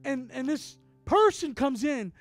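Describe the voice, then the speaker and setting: A man who is a traveling minister, telling a story in a sermon with animated, acted-out dialogue. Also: extremely high pitch, unhurried, no room sound, faint music behind.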